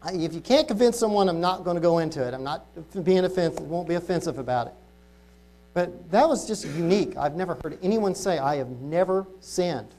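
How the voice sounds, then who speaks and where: A man preaching an informal sermon to a congregation, talking casually and reading Bible verses slowly and deliberately. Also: sits high, animated, dark tone. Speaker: lay preacher.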